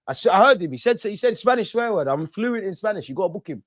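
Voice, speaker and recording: A young man doing a live football watch-along, shouting at players and the referee in slangy banter. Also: high voice, animated, quick pace, hardly any pauses.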